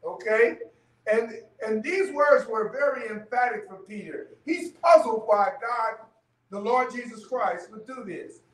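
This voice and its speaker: A man leads a church Bible study in a loose, conversational way, stopping often to ask "okay?" His voice sits high. He is heard from a distance, and the room echoes around him. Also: animated, measured pace, fairly bright tone. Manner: conversational teaching, frequent "okay?" checks. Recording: echoey room, mic far off.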